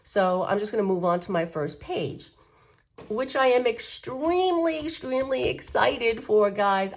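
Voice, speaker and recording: A woman's voice: fairly high pitch, expressive, a little slow. A woman with a stuffy, nasal voice from a cold talks to her viewers about her coloring. She rambles in a loose, chatty way, full of ums and self-corrections. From United States. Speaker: coloring channel host. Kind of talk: casual chat to camera.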